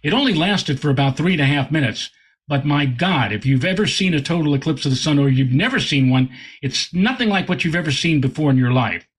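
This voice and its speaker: A male astronomer tells a story as a guest in an interview. His voice sits a little high and has a husky edge. He talks with lively energy and tends to stumble over repeated words when he gets going. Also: a little fast. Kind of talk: animated anecdote in conversation.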